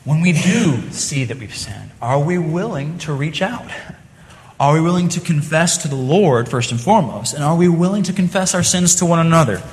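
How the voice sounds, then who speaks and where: A man's voice: a little high, expressive, moderate pace. Man preaching in an echoing church hall. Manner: earnest, conversational preaching with repeated restarts. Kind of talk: sermon. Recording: long reverb of a church hall.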